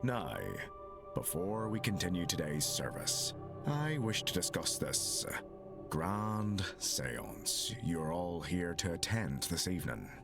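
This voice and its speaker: An actor playing a stern middle-aged reverend who delivers a solemn sermon in a measured, admonishing manner. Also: male voice, sits low, very animated, gravelly, music in the background, heavily acted. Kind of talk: solemn game voice acting, sermon.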